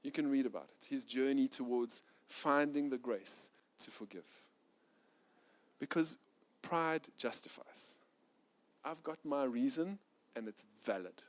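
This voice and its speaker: A middle-aged male pastor preaching a sermon, swinging from loud, urgent passages to soft, quiet ones. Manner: animated preacher, rising loud and fast when intense, dropping soft and low.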